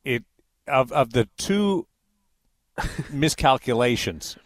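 A man's voice: mid-range voice, lively intonation, slow pace, no echo. A man co-hosting a sports talk show, teasing and prodding his co-host with questions. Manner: playful, needling questions. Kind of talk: casual studio banter.

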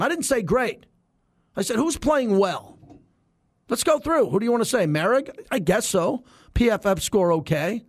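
A man's voice: sits high, dry recording, clean studio sound. A middle-aged man hosting a sports radio show, brash and heated, firing off rhetorical questions in a talk-radio monologue.

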